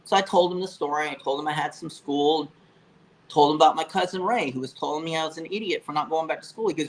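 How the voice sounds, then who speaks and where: A man in his fifties from Florida, telling stories as an interview guest in a casual, profane, animated way with frequent fillers. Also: fairly high pitch, fast, poor audio. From Florida, USA. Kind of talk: casual storytelling.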